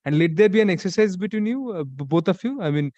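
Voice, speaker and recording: A man's voice: sits high, expressive, quick pace, dark tone, no echo. A man with an Indian English accent presiding as a judge in a courtroom, firm and interrupting with small stumbles. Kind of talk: courtroom hearing. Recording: dull livestream audio.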